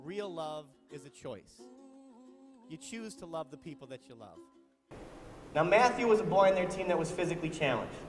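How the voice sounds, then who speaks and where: A man's voice: a little high, expressive, normal speed, reverberant, in a large hall, music in the background. A man giving a motivational storytelling speech, dramatically acting out the people in his story. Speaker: motivational speaker.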